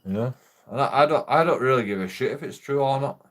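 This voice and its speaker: A man's voice: medium pitch, quick pace. A young man chats loosely and swears freely. He rambles from one story to the next, laughing as he goes, in a casual streaming talk. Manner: sweary, rambling, laughs through his stories.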